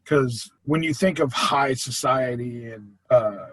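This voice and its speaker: A man's voice: medium pitch, slow, no echo, poor audio. A man on a tabletop podcast, joking and sounding incredulous in casual chat. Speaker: podcast player.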